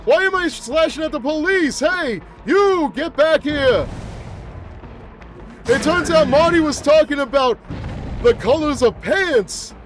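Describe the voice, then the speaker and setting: Man putting on a creaky-pitched, slow, grumbling old monster who rambles and complains about everything. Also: animated, music in the background, full character voice. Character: cranky rambling old man, a mutated flower-headed monster. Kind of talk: gameplay roleplay commentary.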